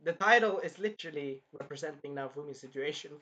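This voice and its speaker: A man's voice: fairly high pitch, fast, dull audio. A young man casually reviewing an anime episode, rambling and swearing, now and then acting out the characters. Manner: rambling, profane, animated, acts out the characters. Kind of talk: casual reaction commentary.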